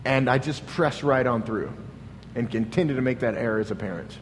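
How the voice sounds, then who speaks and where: A pastor preaching a sermon in an earnest, questioning way, often restarting with "like". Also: male voice, mid-range voice, a little fast, in a large hall, a little hiss or hum.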